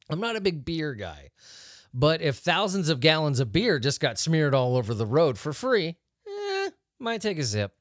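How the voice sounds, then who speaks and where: Lively joking man hosting a podcast. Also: on the high side, no room sound, studio quality. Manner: joking, laughs often, reads headlines aloud and riffs. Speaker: podcast host. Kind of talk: casual rambling news chat.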